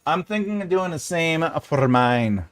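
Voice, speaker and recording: A man's voice: fairly high pitch, lively intonation, a little slow. A man hosting a writing livestream, chatting casually, laughing often and acting out silly voices when retelling scenes. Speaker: writing channel host.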